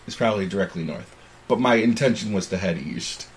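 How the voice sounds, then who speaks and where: A man playing a tabletop game, casually describing his character's backstory with deadpan jokes. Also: low-pitched, fairly quick, a little hiss or hum. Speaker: player.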